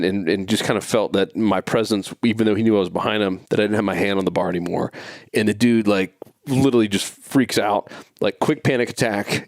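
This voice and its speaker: A man with a lowish voice talks through a long story on his faith podcast, looping back and restarting his sentences as he goes. His voice is close and dry, with no room sound. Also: dry recording. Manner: rambling, many restarts and fillers. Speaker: podcast host.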